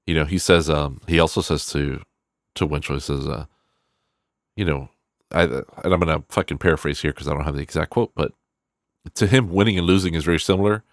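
A man's voice: a bass voice, a little fast, no room sound, clean studio sound. A man giving a casual, rambling film review, swearing freely and acting out characters' lines as he goes. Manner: rambling, profane, animated quoting of characters.

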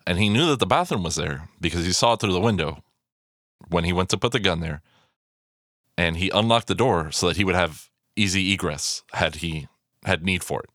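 A man's voice: sits low, brisk, a bit bright, dry recording, studio quality. A man giving casual, rambling film commentary, swearing freely and full of fillers and restarts.

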